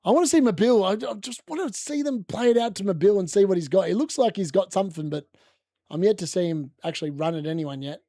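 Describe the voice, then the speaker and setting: Aussie bloke hosting a footy watchalong, high-ish voice, chatty, reads the chat, dry mic. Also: male voice, lively intonation, fast talker, warm tone, dry recording. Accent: Australian. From Australia. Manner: casual, chatty, reacting to chat and the match. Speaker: watchalong host. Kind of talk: live football watchalong commentary.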